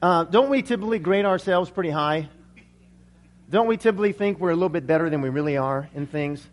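High-voiced earnest male pastor. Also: fast talker. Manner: earnest, prayerful, with frequent restarts. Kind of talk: sermon.

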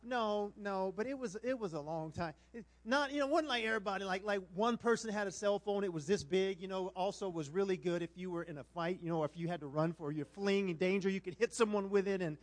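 A middle-aged male pastor shares a funny story during a sermon, lively and poking fun at himself while acting out what others said. His voice sits high.

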